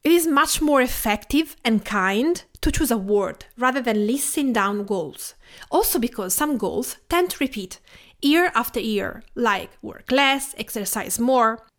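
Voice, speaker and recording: A woman from Tuscany with an Italian accent, hosting her podcast in a gentle, reflective scripted narration. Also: on the high side, expressive, unhurried. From Tuscany, Italy. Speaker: podcast host.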